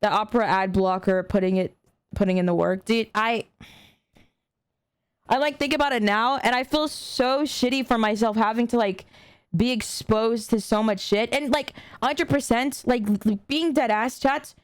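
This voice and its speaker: Young female streamer, earnest chat to viewers, heavy slang and fillers, voice a touch high, dry sound. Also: moderate pace, clear, resonant tone, no room sound. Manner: slangy, frequent swearing and fillers; earnest, talks directly to chat. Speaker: streamer reacting to a video. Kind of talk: casual reaction stream chat.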